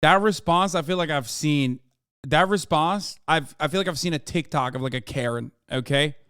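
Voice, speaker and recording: A man's voice: fairly high pitch, moderate pace, fairly bright tone, clear, resonant tone, no room sound, studio quality. A man with an American accent giving sarcastic, profane commentary while reacting to a video. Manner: sarcastic, profane, talks over the clip. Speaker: streamer reacting to an interview. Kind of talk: casual commentary.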